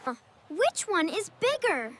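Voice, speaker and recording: Cheerful cartoon kids. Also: female voice, very high voice, very animated, heavy background noise, exaggerated voice. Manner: slow, simple questions and answers. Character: cheerful cartoon children, a boy and a girl. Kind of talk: animated kids' English lesson. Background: loud background music.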